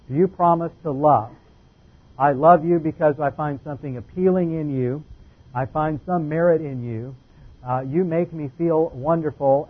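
A man's voice: fairly high pitch, breathy edge, phone-quality sound. A man preaching a methodical doctrinal Bible lesson, laying out numbered points and careful definitions.

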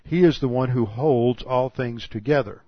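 A man's voice: medium pitch, moderate pace, no room sound. A man from the United States teaching a Bible passage verse by verse, explaining carefully and often restarting his sentences. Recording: dull, dry recording.

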